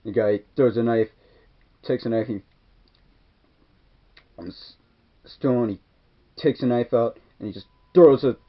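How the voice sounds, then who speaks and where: Man, casual movie recap, rambling, filler-heavy, mid pitch, muffled lo-fi audio. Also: unhurried, pauses often. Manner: rambling, full of "like" and "kinda". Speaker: movie reviewer. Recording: dull lo-fi recording.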